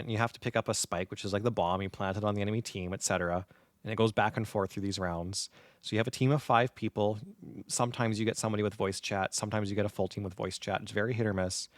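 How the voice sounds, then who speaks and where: A man in his thirties spins a lively tale in relaxed podcast chat, his low voice sitting right on a close microphone. The sound is dry and intimate, with no room around it. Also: no echo. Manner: animated storyteller, acts out quoted gamers. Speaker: podcast co-host. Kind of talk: casual chat. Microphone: close dynamic podcast mic.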